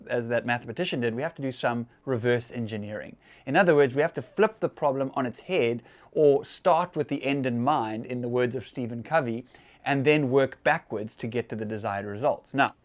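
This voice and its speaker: A man hosting a casual church talk, chatty and conversational with fillers and laughs. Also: mid-range voice.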